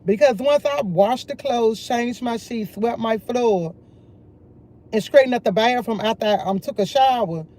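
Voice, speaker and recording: A woman's voice: on the high side, unhurried, mellow. A woman, chatting casually on a morning live stream, drawling and greeting viewers by name.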